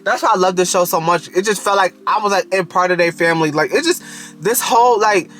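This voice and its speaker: A man's voice: sits high, a little fast, fairly bright tone, soft background music. A man casually reviewing a TV show in a video, talking straight to the characters and often breaking into giggles.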